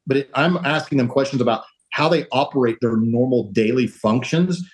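A real estate entrepreneur appears as a podcast guest in casual interview talk, his male voice at medium pitch and moderate pace over poor audio. He is earnest and rambling, restarting sentences as he gives advice and acting out the quoted voices of other people.

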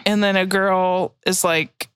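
A woman's voice: lowish voice, fairly even intonation, takes it slowly, fairly bright tone, clean tone, dry recording. A woman from Texas co-hosting a podcast, laid-back and crude, laughing often. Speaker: podcast co-host. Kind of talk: crude comedic chat.

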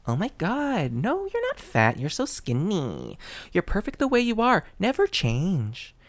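Brief: man putting on a high, shrill flatterer, over-the-top and insincere. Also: a little slow, dry recording, full character voice. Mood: gushing. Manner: shrill, exaggerated reassurance. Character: gushing, insincere friend who flatters loudly.

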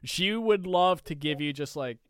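A man co-hosting a podcast, telling an animated story in casual chat with many quoted asides. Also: a little high, normal speed, clear, resonant tone, no room sound, clean studio sound. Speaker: podcast co-host.

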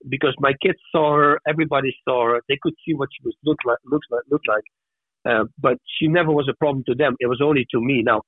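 A man on a podcast, telling personal stories in a lively, animated way and acting out the voices of the people in them. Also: medium pitch, husky, dry recording. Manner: animated storyteller who acts out voices. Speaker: podcast guest. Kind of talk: casual storytelling. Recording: tinny phone-like dry sound.

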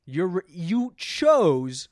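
A man's voice: high-pitched, very animated, drawn-out words, a little mellow, no room sound, clean studio sound. A man hosting a podcast in loose, profane, joking banter with his co-host. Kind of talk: casual chat.

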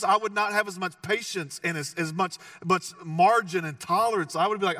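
A man's voice: high-pitched, a little fast, few pauses, pushed and bright, dry recording, studio quality, recorded from a distance. A man preaching a sermon as pastor, conversational and joking, with emphatic repeated phrases.

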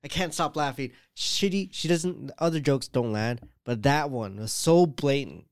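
A man chatting casually, his stories wandering through fillers and quoted asides. His voice is smooth and clear, recorded close and dry. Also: medium pitch, unhurried, no room sound. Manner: rambling storytelling, full of "like" and quoted asides. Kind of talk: casual chat.

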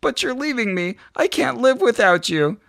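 A man's voice: very high voice, animated, moderate pace, gravelly, a bit bright, dry recording, voice pushed up, full character voice. A man voicing a young boy pleading tearfully with his dying dog.

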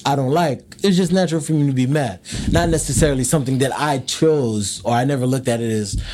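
A man's voice: mid-range voice, fast talker, a little mellow, slight background noise. A man in casual conversation, thoughtful and a little hesitant. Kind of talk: casual chat.

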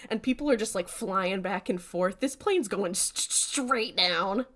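A woman co-hosting a podcast, retelling a TV episode in casual, animated chat with frequent laughter. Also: medium pitch, moderate pace. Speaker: podcast co-host.

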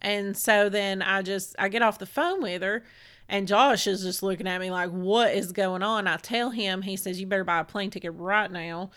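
A woman's voice: mid-range voice, moderate pace, a bit bright, clear, resonant tone. A woman, co-hosting a casual talk show and retelling a frightening family event in a rambling, emotional way. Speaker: podcast co-host. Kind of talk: casual storytelling chat.

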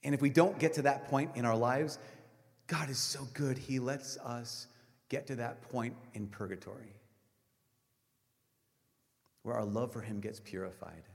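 A middle-aged man, a priest, giving a sermon with animated storytelling, acting out voices and swinging from loud to hushed. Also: medium pitch, measured pace, vocal fry, pauses often. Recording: reverberant hall recording.

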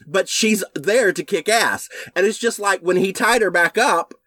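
A man's voice: sits high, unhurried, pushed and bright, no echo. A man co-hosting a casual film podcast, blunt and opinionated, swearing and ranting for laughs. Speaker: podcast co-host.

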